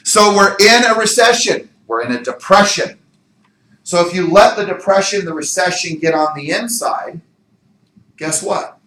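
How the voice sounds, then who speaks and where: Bright, energetic male sales trainer. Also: high-pitched, moderate pace. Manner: energetic and emphatic, with rhetorical questions. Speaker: real estate sales trainer. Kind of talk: motivational training talk. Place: meeting room. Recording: echoey meeting room.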